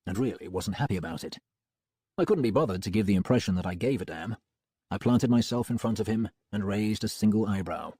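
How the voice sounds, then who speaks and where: A man reading an audiobook in a lively, wry first-person voice that swings widely in pitch. His tone is low, mellow and husky. The recording is dry and close. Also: no room sound. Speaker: audiobook narrator. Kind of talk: scripted narration.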